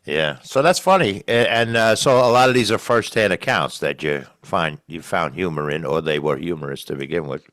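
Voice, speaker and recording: A man's voice: low-pitched, moderate pace, few pauses, fairly bright tone, no room sound, studio quality. A man hosting a podcast interview, asking follow-up questions and giving short encouraging replies. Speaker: podcast host. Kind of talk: casual interview.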